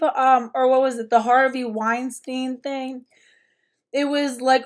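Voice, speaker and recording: Impassioned fast-talking woman host. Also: high voice, level tone. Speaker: commentary channel host. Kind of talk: casual commentary over clips.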